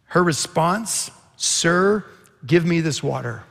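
Man, pastor, sermon, earnest storytelling, slightly high voice, gravelly edge. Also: lively intonation, takes it slowly, a bit bright, big-room sound. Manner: earnest storytelling preacher, quoting scripture with rising intensity.

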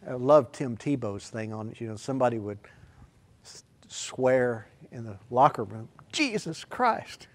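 A man preaching a sermon, telling rambling folksy stories and swinging from quiet asides to loud, shouted emphasis. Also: mid-range voice, fairly even intonation, normal speed.

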